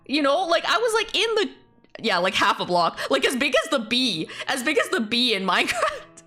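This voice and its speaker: A woman streamer talks casually with her audience, ranting in an animated way, laughing often and swearing freely. Her voice sits a little high and swings widely in pitch, with a sharp, bright tone. Soft music plays faintly underneath. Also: normal speed.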